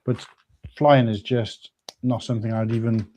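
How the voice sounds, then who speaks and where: Brief: male co-host, mellow tone, teasing casual chat. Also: mid-range voice, level tone. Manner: teasing, quizzical, quick remarks. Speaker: livestream co-host.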